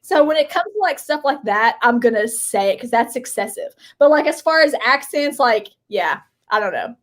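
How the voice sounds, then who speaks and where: A woman's voice: a little high, lively intonation, normal speed. A woman from Kentucky co-hosting a live stream, chatting casually in a rambling way with lots of filler words.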